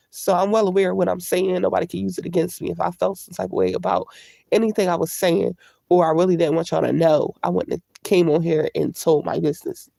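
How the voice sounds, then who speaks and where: A woman's voice: lowish voice, dark tone, no echo. A woman vlogger chatting candidly on a livestream, congested from a cold. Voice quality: gravelly. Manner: candid, chatty, greets live viewers. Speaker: YouTube vlogger. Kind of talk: casual live-stream chat.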